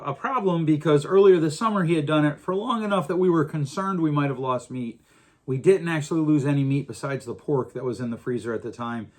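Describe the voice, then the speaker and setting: Middle-aged guy hosting his podcast, earnest, stumbles and restarts a lot, voice a bit on the high side. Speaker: podcast host. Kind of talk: casual monologue.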